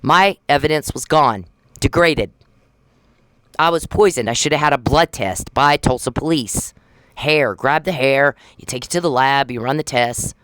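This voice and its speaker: A woman's voice: a bass voice, moderate pace, a bit bright, clear, resonant tone, no echo. Angry woman ranting at the camera. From United States. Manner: confrontational, profane, accusing. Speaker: vlogger. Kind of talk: angry direct-address rant.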